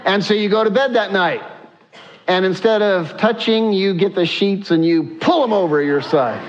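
A man's voice: sits high, normal speed, dull audio. A man preaching a sermon as a pastor, emphatic and repetitive, with many fillers. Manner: emphatic, repeats points, frequent "uh" fillers.

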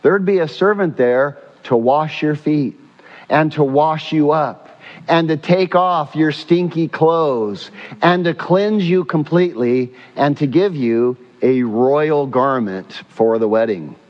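A man's voice: on the high side, slow pace. A male pastor preaching a sermon with emphatic repetition and rhetorical questions, recorded in a church. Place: church sanctuary. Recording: muffled sound with long hall reverb.

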